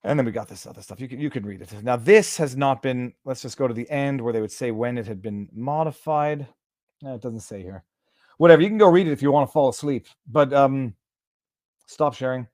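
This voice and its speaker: A man's voice: mid-range voice, a little fast, a little mellow, no room sound, clean studio sound. A man hosting a live stream, reading documents aloud and translating them in real time with sarcastic asides. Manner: sarcastic, reads text aloud and translates on the fly. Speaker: host. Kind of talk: casual live-stream commentary.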